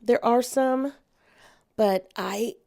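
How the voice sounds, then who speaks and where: Animated woman voice actress chatting. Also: drawn-out words, vocal fry. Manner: animated, expressive storyteller with big pitch swings. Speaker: voice actress guest. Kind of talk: casual podcast chat.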